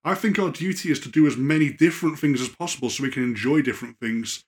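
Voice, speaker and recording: A man's voice: medium pitch, fast talker. A man, a guest horror writer, talking thoughtfully in casual podcast chat with many fillers.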